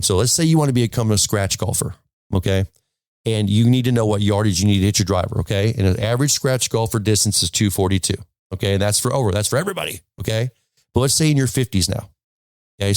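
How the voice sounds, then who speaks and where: A man's voice: lowish voice, quick pace, a little mellow, no echo. A man giving a casual golf lesson to camera, emphatic and telling stories, checking in with "okay?" all the time. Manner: storytelling, full of restarts. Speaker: golf instructor. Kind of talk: casual instructional talk to camera.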